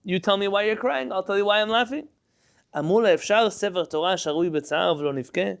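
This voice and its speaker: A man's voice: sits high, racing, gravelly, clear, resonant tone. A man teaching a Torah class, reading Hebrew text aloud, translating it line by line into English and quizzing his students.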